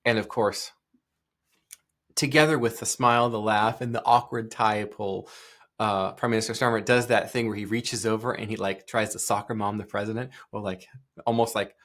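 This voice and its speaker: A man's voice: on the low side, steady tone, normal speed, a bit bright. A male podcast host giving discursive solo commentary, full of asides and restarts.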